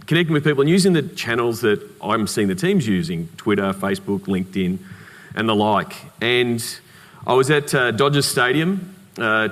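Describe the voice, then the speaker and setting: An Australian man giving a conference keynote, telling anecdotes in a lively way with humorous asides. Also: mid-range voice. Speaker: keynote speaker. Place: conference hall. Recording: reverberant conference hall.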